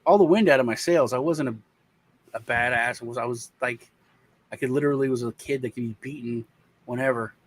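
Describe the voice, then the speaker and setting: A man's voice: mid-range voice, rough recording. Rambling American man telling a story. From United States. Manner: rambling, halting storyteller with many restarts and fillers. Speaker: co-host telling a childhood story. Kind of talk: casual chat.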